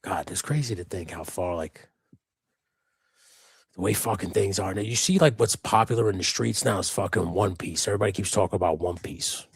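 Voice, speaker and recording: A man co-hosting a live customizing stream chats loosely and casually, wandering from topic to topic and swearing a lot. His low voice is gravelly and husky, and he talks fairly quickly. The recording is dry.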